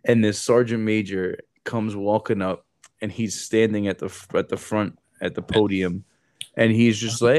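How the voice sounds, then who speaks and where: Young male podcast host with a slightly low voice, animated storyteller who mimics others; dry, close recording. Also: moderate pace, no room sound. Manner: animated, swearing, acts out quotes in raised voices. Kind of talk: casual storytelling.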